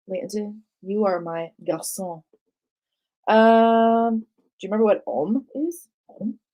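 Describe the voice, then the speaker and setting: A woman's voice: mid-range voice, slow, dull audio. A woman hosting a live art tour for kids, playfully quizzing a child on words and laughing often. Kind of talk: live-stream lesson for kids.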